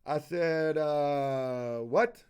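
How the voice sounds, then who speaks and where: Man, high-pitched voice, casual live-stream storyteller, profane, animated, calls out chatters. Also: extremely slow, clean tone. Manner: profane and animated, calling out viewers in the chat.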